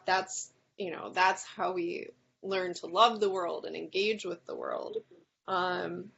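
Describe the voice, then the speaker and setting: A woman leading a reading group discussion, thinking aloud with many pauses and restarts, sometimes reading passages aloud. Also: lowish voice, vocal fry, fairly bright tone, dull audio, a little hiss or hum. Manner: thoughtful, hesitant with many ums and restarts.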